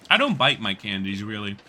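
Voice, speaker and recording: A man's voice: on the low side, very animated, moderate pace, bright, forceful tone. A man streaming a video game, bantering loosely with his chat, swearing and laughing often. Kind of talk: casual gaming livestream chat.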